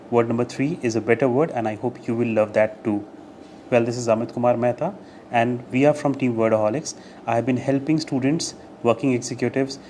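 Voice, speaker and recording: A man's voice: medium pitch, darkish tone, slight background noise. A man teaching English vocabulary in a video lesson, explaining words step by step, repeating key phrases and slipping in short Hindi glosses.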